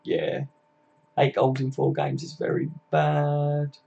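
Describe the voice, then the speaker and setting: A man's voice: on the high side, sing-song, slow, gravelly, dark tone, dull audio. A man hosting a casual live football chat, reading and answering viewer comments by name, swearing freely and laughing often. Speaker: livestream host.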